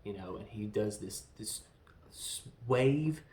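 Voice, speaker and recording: A man's voice: on the low side, expressive, slow pace, darkish tone. A man giving a casual film review, retelling the plot in a rambling, enthusiastic way with lots of fillers. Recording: roomy echo.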